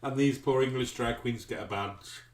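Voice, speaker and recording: An easygoing man co-hosts a casual live chat and drops in joking asides. His voice sits at a middle pitch. He is heard a little away from the mic with a roomy echo. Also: moderate pace, recorded from a distance. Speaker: co-host. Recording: echoey room, away from the mic.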